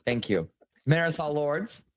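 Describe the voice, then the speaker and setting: Playful, teasing game show host whose pitch leaps around freely, keeping the contest moving with quick jokes and frequent laughs, heard over a video call. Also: expressive, a little hiss or hum. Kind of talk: hosting a casual online game show.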